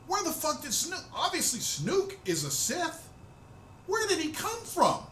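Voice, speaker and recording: A man hosting a profane, excitable fan rant, loud and swearing freely. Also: very high-pitched, measured pace, reverberant, a little hiss or hum. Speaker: host of a rant video.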